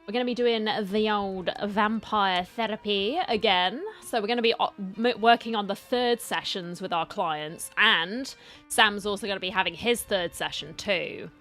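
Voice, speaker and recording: A woman's voice: medium pitch, pushed and bright. A woman streaming from home, chatting casually with her viewers and greeting them by name, a little tired from the heat. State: tired from heat and poor sleep. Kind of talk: casual live-stream chat.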